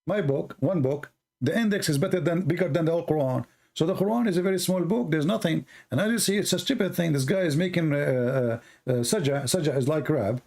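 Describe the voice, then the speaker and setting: Man, debate host, sarcastic, pushy, gravelly voice. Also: on the high side, brisk, darkish tone. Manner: blunt, sarcastic, presses the caller with repeated questions. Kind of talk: live call-in debate.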